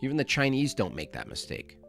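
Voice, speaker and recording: A man's voice: medium pitch, huge pitch swings, fairly quick, vocal fry, fairly bright tone, soft background music. A man hosting a livestream, giving sarcastic, rambling comic commentary. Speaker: livestream host. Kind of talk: comedic live commentary.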